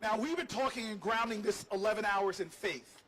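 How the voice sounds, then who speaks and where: A man's voice: high voice, a little fast, slight background noise, rough recording. A man, a politician hosting a livestream, tells a humorous, self-deprecating story to a crowd outdoors. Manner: animated, jokey, self-deprecating. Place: outdoors on building steps.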